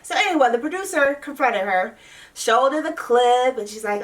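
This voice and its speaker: A woman with a slightly high voice recaps a reality show in a casual vlog. Her talk is blunt and sassy. She sits a little away from the microphone. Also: expressive, normal speed, recorded from a distance. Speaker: vlogger.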